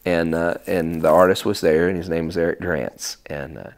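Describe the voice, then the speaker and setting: Brief: man, lowish voice, guest in a casual chat, animated storyteller who rambles and restarts. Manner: animated, acts out conversations with quick voice shifts. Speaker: guest musician.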